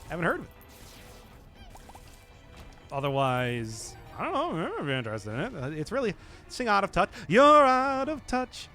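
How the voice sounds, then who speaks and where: A man's voice: high-pitched, a bit bright. Jokey, rambling male game streamer. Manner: jokey, rambling, chatting with viewers. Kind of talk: casual gaming stream chat.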